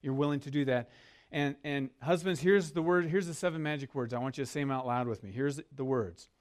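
A man's voice: medium pitch, a little fast. A man preaching a sermon as a pastor, earnest and leading his listeners to repeat words with him. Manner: earnest, leads congregation call-and-response.

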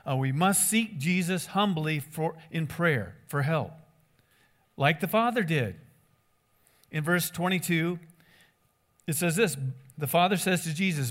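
A pastor preaching to his church in a loose, conversational way. He is a man with a somewhat high voice who gets animated, rising and falling as he acts out the people in his stories. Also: a little slow, long pauses. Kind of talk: sermon.

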